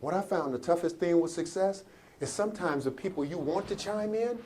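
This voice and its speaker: A man with a high voice delivers a motivational speech in a preacherly cadence. He tells his story in a call-and-response style and swells to shouts at its peaks. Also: fairly quick. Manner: builds to shouting. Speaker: motivational speaker.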